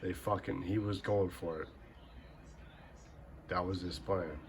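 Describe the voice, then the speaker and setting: A man's voice: low-pitched, fairly even intonation, takes it slowly, creaky, background noise. A young man giving casual gaming commentary, ranting in a heated, profane, rambling way. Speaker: gaming channel host.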